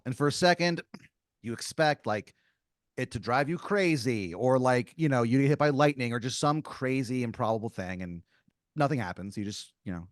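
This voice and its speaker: A man's voice: mid-range voice, no echo, studio quality. A man improvising a story as game master on a comedy podcast, rambling with lots of fillers.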